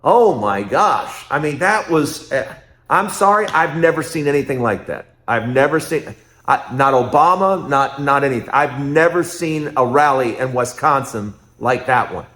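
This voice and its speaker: A man hosting his own political commentary show, talking emphatically and repeating phrases in quick rhetorical bursts. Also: medium pitch, animated, fairly bright tone, reverberant.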